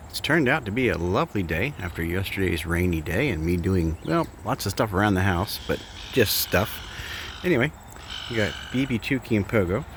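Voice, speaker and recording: A man's voice: low voice, a bit bright. A man casually walking through his backyard, chatting in a rambling, self-correcting way while filming on a handheld camera. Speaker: bird sanctuary keeper. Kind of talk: casual walk-and-talk vlog. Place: outdoors in a backyard by an aviary. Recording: noisy outdoor ambience.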